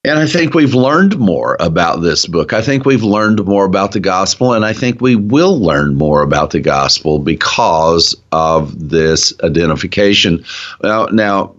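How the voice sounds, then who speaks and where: A man with a very deep voice talks slowly and earnestly as a guest in a casual Bible discussion. He is clearly enthusiastic about his subject. The audio is muffled and lo-fi. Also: lively intonation, fairly bright tone. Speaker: guest, ministry founder.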